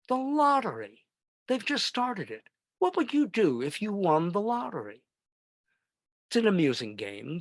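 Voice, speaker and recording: A man's voice: mid-range voice, no echo. A man in his seventies from Brooklyn, telling a personal story with wry comic asides and dry punchlines. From Brooklyn, New York. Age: 70s.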